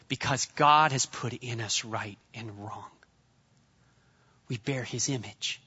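A man delivering a sermon as pastor, lively and conversational, dropping into comic voices now and then. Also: mid-range voice, takes it slowly, pauses often, slightly rough, big-room sound, lo-fi sound. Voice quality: bright, animated delivery with jokey put-on voices. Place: church.

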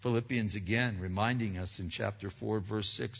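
A man's voice: fairly low pitch, steady tone, normal speed, vocal fry, few pauses, husky. A man preaching a sermon earnestly, often restarting words and asking rhetorical questions. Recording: dull recording with long hall reverb.

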